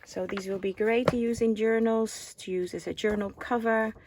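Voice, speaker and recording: A woman's voice: a little high, steady tone, normal speed, noisy background. A woman in her forties from the Netherlands with a Dutch accent, chatting casually as she shows off items from a craft haul and asks the viewers questions. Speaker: craft vlogger. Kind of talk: casual show-and-tell chat.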